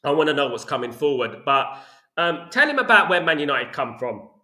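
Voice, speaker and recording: Animated football fan host, echoey room. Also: male voice, a little high, brisk. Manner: animated, ranting, repeats "you know what I mean". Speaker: podcast host reading chat comments. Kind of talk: casual fan chat.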